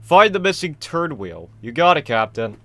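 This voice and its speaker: A young man casually commenting on a horror game he is playing, rambling, excitable and self-deprecating. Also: on the high side, moderate pace, no echo. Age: young adult. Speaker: gaming channel host. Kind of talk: casual let's-play commentary.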